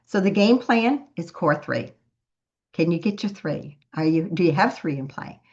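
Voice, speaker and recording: Earnest woman team leader with a low voice giving a motivational talk, muffled lo-fi recording. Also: lively intonation, normal speed, darkish tone. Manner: earnest, storytelling, repeats words for emphasis.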